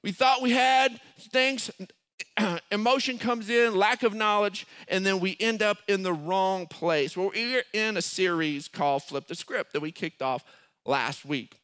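Bright, high-voiced male pastor preaching. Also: unhurried, clear, resonant tone. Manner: storytelling with lively acted quotes and rising, shouting peaks. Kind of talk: sermon.

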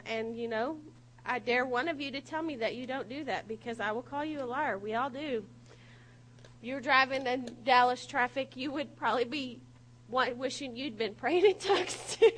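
Bright, high-voiced woman telling stories. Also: a little hiss or hum, rough recording. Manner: animated, laughing, self-mocking storyteller. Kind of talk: humorous sermon storytelling.

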